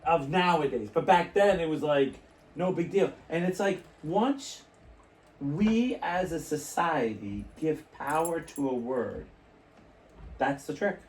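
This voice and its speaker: A man's voice: fairly high pitch, animated, slow, far from the mic. A man co-hosting a podcast in casual chat, telling rambling stories with restarts and laughs. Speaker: podcast co-host. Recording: echoey room, away from the mic.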